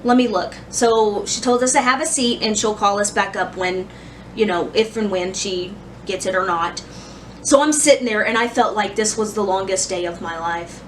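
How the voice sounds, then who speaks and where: A woman's voice: mid-range voice, normal speed, distant mic, slight background noise. A woman in her thirties telling a personal story in a casual vlog, rambling with many restarts and fillers. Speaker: vlogger.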